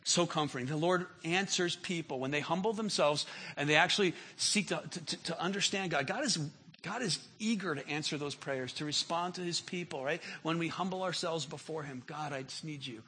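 A man preaching a sermon as pastor, impassioned, often repeating words as he builds, rising to near-shouts when voicing prayers. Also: a little high, fairly quick, a little hiss or hum.

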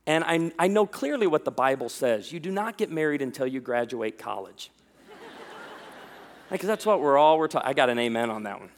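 A man in his thirties preaching a sermon, telling stories with jokes in an animated way. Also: medium pitch, fast, few pauses, long reverb tail. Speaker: pastor.

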